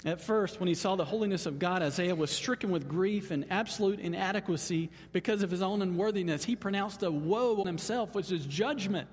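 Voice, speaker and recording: Man preaching with lively emphasis. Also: a little fast, few pauses, slightly rough. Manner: animated, emphatic, leaps up in pitch on exclamations. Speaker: pastor. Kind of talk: sermon. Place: church sanctuary. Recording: long hall reverb.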